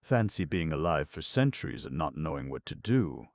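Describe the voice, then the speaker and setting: A man's voice: rumbling low, big pitch swings, normal speed, no room sound, clean studio sound. A man voicing a chatty, cheerful male clown in an audiobook, raising his voice a little for the part. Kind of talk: audiobook narration.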